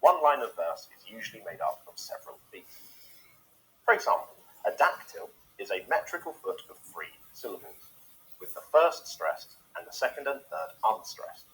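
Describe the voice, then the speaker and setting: A man giving scripted narration for an educational video, with a measured, explanatory delivery. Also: on the low side, very animated, pushed and bright, low-quality recording.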